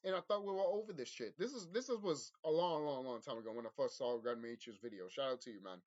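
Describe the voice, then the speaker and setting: Talking fast in a medium-pitched, slightly mellow voice, this vlogger addresses his viewers with an intense, profanity-laced spiritual monologue. He repeats himself and restarts sentences often, his lively pitch jumping around, over dull, muffled lo-fi sound.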